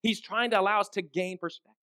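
A male pastor delivers a sermon in a relaxed, conversational manner. He often checks in with his listeners through rhetorical questions. His voice sits quite high for a man. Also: quick pace.

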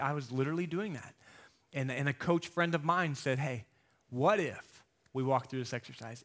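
A man in his thirties or forties preaching a sermon as a guest speaker and coach, telling stories and acting out quotes with lively energy. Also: a little high. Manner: animated storytelling, acting out quotes.

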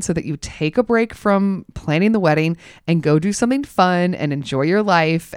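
A woman's voice: low-pitched, smooth, dry recording, clean studio sound. A woman co-hosting a podcast, chatting casually with a friend, rambling into asides and laughing often. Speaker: podcast co-host. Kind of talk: casual chat.

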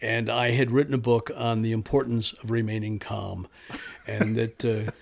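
A man's voice: lowish voice, little pitch movement, normal speed, vocal fry. A man, a guest on an interview show, chattily telling stories about his prank calls. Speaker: guest, prank caller and author. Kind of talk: casual interview storytelling.

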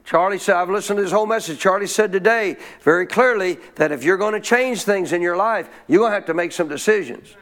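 A man preaching from the pulpit in a fairly high voice. He reads scripture and keeps stopping to quiz the congregation, pressing them to answer out loud. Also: fast, few pauses. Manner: call-and-response preaching, asks congregation questions. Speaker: pastor. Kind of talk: sermon. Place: church.

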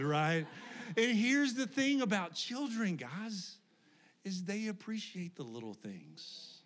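Animated storytelling pastor, a man. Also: high voice, slow, slight background noise. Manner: conversational, animated storytelling with laughs. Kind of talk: sermon with personal stories. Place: church sanctuary before congregation.

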